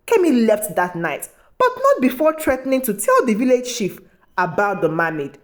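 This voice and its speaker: A woman reading a fantasy story aloud in an expressive, dramatic way. Her voice sits fairly high and her pitch rises and falls widely. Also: normal speed. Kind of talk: scripted story narration.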